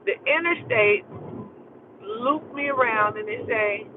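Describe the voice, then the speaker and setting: Brief: high-voiced man ranting on a phone-quality stream, lively and foul-mouthed, faint car hum behind. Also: slow. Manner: animated, profane, exclaiming storyteller. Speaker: live streamer. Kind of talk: casual live-stream storytelling. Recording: tinny phone audio with faint vehicle noise.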